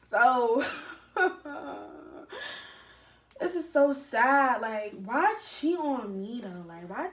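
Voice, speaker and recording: A young woman telling a rambling, animated storytime with slang and cursing. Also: on the high side, extremely slow, long pauses. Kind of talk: casual storytime. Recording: echoey room.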